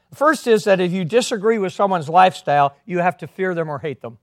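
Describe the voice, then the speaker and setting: A man preaching a sermon as a pastor, earnest, swinging between emphatic and quiet delivery. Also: high voice, animated, quick pace, few pauses, no room sound, clean studio sound.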